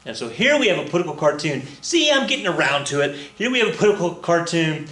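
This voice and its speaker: A man's voice: a little high, big pitch swings, fast, a bit bright, echoey room. A man teaching a casual recorded history lesson, chatty and rambling, with lots of fillers, restarts and joking asides.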